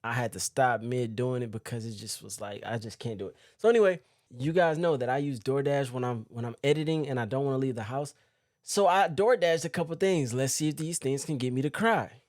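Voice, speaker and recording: A young man talking casually to camera from home as a poker vlogger, chatty and animated, speaking straight to his viewers. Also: mid-range voice, fairly quick, no echo, clean studio sound. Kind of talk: casual vlog talk to camera.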